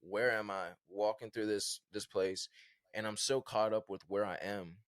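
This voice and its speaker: Man from virginia, podcast guest, low voice, dry close sound, animated storytelling. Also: normal speed, no echo. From Virginia, USA. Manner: animated, conversational, many fillers like "like" and "bro". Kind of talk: storytelling in casual conversation.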